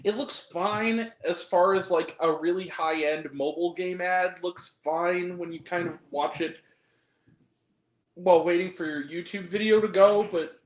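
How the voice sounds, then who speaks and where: A man's voice: high-pitched, a little slow, echoey room, low-quality recording. A man giving a ranting movie review, exasperated and profane, with self-deprecating asides. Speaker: film reviewer.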